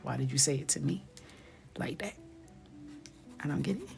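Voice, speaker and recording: A woman in her thirties, chatting casually on a coloring live stream and telling playful, animated stories that sometimes drop to a whisper. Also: sits low, moderate pace, gravelly, faint music behind.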